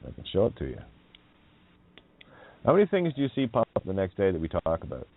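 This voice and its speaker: A man's voice: deep voice, huge pitch swings, fast talker, no room sound. A male radio host in a casual rambling monologue, chuckling often and swearing as he riffs on wordplay. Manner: laughs often, profane, wordplay-heavy. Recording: dry tinny phone-like line.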